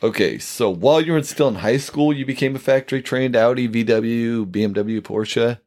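A man's voice: mid-range voice, normal speed, darkish tone. A man hosting a podcast, asking his guest plain, curious interview questions. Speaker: podcast host.

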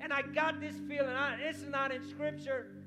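Middle-aged pastor guy preaching, real high voice, stumbles and repeats words when he gets going, music underneath. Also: level tone, normal speed. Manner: impassioned storytelling, repeats words in bursts. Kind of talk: sermon. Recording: music playing behind.

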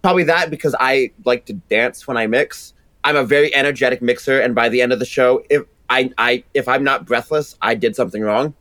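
Energetic rambling man with Rhode Island accent. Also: mid-range voice, fairly quick, no echo. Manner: energetic, rambling with many restarts. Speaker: podcast guest, sound engineer. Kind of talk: casual chat.

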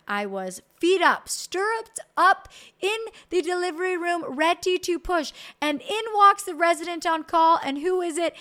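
A woman in her thirties, an entrepreneur telling a personal story in a chatty, animated way, sometimes slipping into voices for the people she quotes. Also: very high voice. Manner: chatty with frequent likes and self-corrections. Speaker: entrepreneur and podcast guest.

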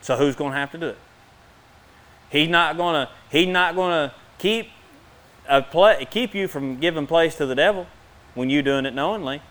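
A middle-aged man preaching a sermon in a fast, folksy way, with bursts of emphasis between quick asides. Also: fairly high pitch, fairly bright tone.

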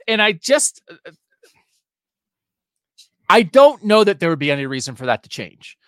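A man's voice: sits high, lively intonation, unhurried, bright, forceful tone, clean tone, no echo, clean studio sound. A man co-hosting a sports podcast, giving emphatic, opinionated talk with sarcastic asides.

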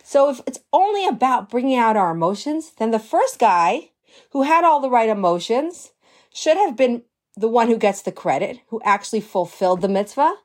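Animated, higher-pitched woman teaching a Torah lesson. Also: normal speed. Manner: animated, conversational storytelling. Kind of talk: storytelling religious lesson.

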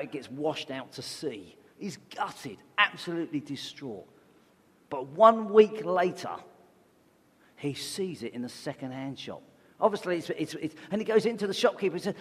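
A man preaching a conversational sermon, often asking his listeners questions. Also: on the high side. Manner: conversational, asks the congregation questions. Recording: long reverb of a large hall.

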